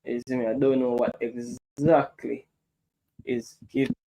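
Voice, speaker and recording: A man's voice: medium pitch, little pitch movement, measured pace, gravelly, mellow, poor audio. A man with a Jamaican accent chatting casually on his live stream, often asking "you see me".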